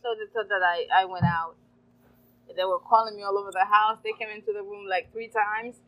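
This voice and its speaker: A woman from Haiti, a restaurant owner telling animated stories in a casual interview and laughing often. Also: medium pitch, brisk, muffled recording. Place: farmers market.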